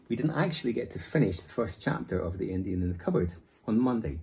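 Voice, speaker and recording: A male primary school teacher reads a children's novel aloud to his class. His fairly low voice rises and falls a great deal as he tells the story. He sounds engaged and expressive. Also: quick pace, gravelly.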